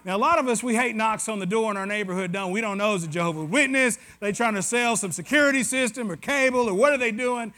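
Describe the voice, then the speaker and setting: A man's voice: sits high, fast talker, few pauses, pushed and bright. A man with a West Tennessee Southern accent preaching a sermon in a conversational, joking way, with asides to the congregation. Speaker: pastor.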